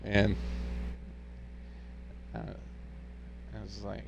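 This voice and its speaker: Young male streamer, casual rambling storyteller, slow delivery with a faint hum in the background. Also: on the low side, monotone, creaky, highs cut off. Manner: rambling, laid-back retelling.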